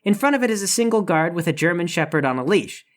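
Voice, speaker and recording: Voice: medium pitch, animated, quick pace. A game master narrating a tabletop game with dry, wry humor.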